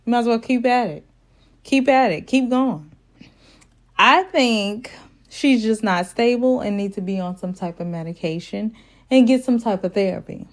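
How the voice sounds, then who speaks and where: A woman hosts a casual recap vlog at a middle pitch. She is blunt and opinionated. She talks in a chatty, conversational way. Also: moderate pace. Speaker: reality TV recap host.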